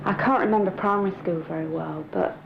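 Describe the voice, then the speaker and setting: A woman's voice: fairly low pitch, quick pace, vocal fry, echoey room, lo-fi sound, a little hiss or hum. A woman with a Sheffield accent speaking frankly and thoughtfully in a documentary conversation. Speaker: interviewee.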